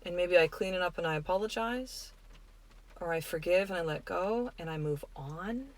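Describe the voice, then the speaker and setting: A middle-aged woman hosting a podcast, giving a gentle, earnest, reflective spiritual self-help talk. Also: fairly low pitch, moderate pace. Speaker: podcast host.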